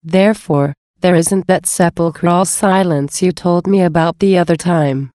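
A woman reading devotional writings aloud in a slow, solemn, reverent way. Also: fairly low pitch, warm tone, dry recording, studio quality.

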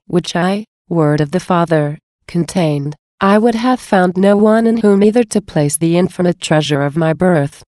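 Lady reading out the baby jesus, tender and sorrowful, low mellow gentle voice, dry. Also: no echo, close to an everyday voice. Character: newborn Christ child, tender and sorrowful.

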